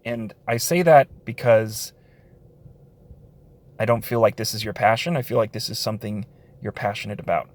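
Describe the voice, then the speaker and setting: A man giving a casual spoken review of a comic book, sarcastic, with frequent sighs, short laughs and fillers. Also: fairly low pitch.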